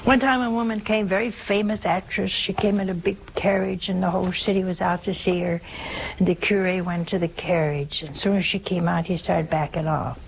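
A woman's voice: on the low side, fairly even intonation, brisk, creaky, a little hiss or hum, rough recording. A woman giving a folksy religious talk, telling stories and asking rhetorical questions. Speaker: religious speaker. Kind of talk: sermon-style talk.

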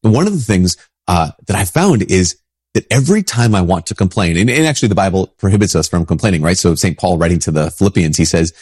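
Brief: husky low-voiced man, priest with a head cold, rambling conversational talk, dry close sound. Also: animated, fast, darkish tone, dry recording. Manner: casual, rambling, frequent restarts. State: sick with a stuffy nose. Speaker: Catholic priest.

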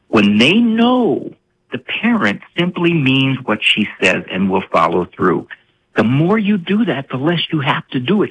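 A man in his sixties, a psychologist and author, talking as a guest on a radio interview and telling stories with lively voices for parents and kids. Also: mid-range voice, slightly rough, poor audio. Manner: animated storyteller, acting out parents and kids.

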